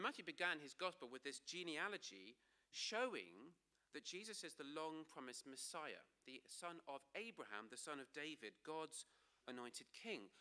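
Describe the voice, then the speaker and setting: A man preaches a sermon in church with emphasis, slowing down for key phrases and letting his voice drop low and soft at the ends of lines.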